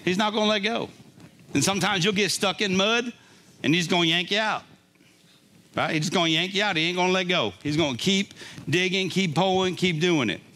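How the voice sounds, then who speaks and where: A man's voice: high-pitched, fairly quick, bright, forceful tone. An older man preaching a conversational sermon, often laughing and checking in with a "right?". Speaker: pastor.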